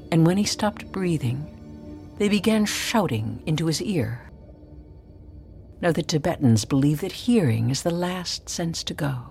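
A woman telling a personal story in a dramatic spoken-word style, often dropping into hushed whispers. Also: sits low.

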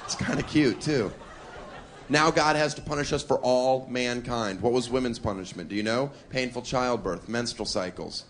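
Onstage at a comedy club, a man with a mid-range, slightly bright voice speaks at a normal speed in a brash, mocking manner. The live recording includes crowd noise and audience laughter.

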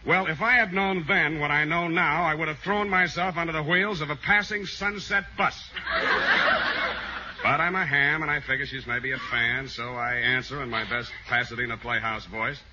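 A man playing a weary radio actor in a 1940s radio comedy, telling his story with dry, deadpan hesitations. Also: on the high side, moderate pace, natural voice. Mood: wry. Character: wry, tired man who plays a radio detective. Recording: dull old 1940s radio broadcast with faint hiss.

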